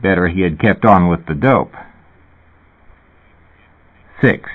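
A man reading a novel aloud in measured, dry scripted narration. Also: sits low, husky. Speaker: audiobook narrator. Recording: tinny phone-like recording.

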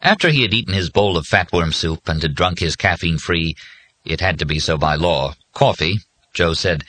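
A man reads a novel aloud in a measured, even way. His voice is very deep, and his tone is bright and forceful. He delivers it as steady scripted narration. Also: breathy edge, dry recording. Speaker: audiobook narrator.

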